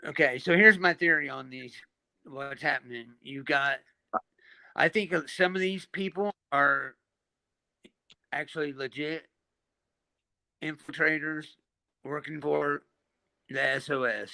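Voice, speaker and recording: A man's voice: a little high, unhurried, creaky, long pauses, sharp tone, no room sound. A man co-hosting a live panel chat, blunt and exasperated, swearing freely. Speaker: panel co-host. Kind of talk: casual chat.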